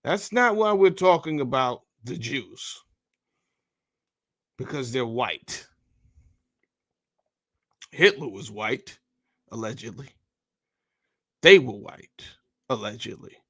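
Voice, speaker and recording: A man's voice: mid-range voice, animated, slow, pauses often, fairly bright tone. A man hosting a podcast, giving blunt, heated commentary full of profanity while reading from a bill. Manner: heated, blunt and profane, says bro a lot. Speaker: podcast host.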